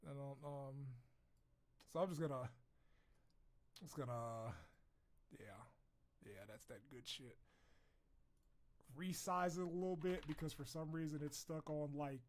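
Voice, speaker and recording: A man streaming live and chatting casually with viewers, profane and quick to laugh, swinging between loud outbursts and low mumbles.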